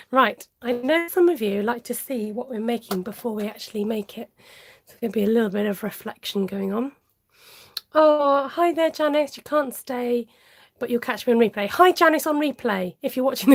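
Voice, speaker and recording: A woman's voice: on the high side, husky. A woman hosting a live papercraft tutorial in a friendly, chatty way, greeting viewers by name and laughing often.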